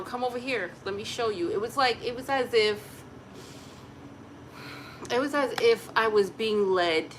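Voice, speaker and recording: A woman's voice: mid-range voice, fairly bright tone, slight background noise, poor audio. A pregnant woman chatting candidly to her viewers on a phone, earnest and rambling, often laughing mid-sentence. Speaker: family vlogger. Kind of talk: candid casual chat to viewers.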